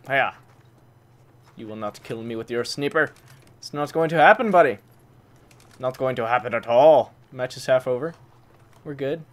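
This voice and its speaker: A man doing excitable gameplay commentary, who swaps swear words for mild ones like "fudge" and breaks into loud, high-pitched outbursts. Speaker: gaming channel host. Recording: faint game noise behind. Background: gunfire from the game.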